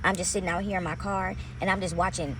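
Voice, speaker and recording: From her parked car, a woman vlogger talks about her faith in a casual, preachy way straight to the camera, calling her viewers honey and baby. Her voice sits lowish and steady, and she talks fast, repeating phrases for emphasis over background noise.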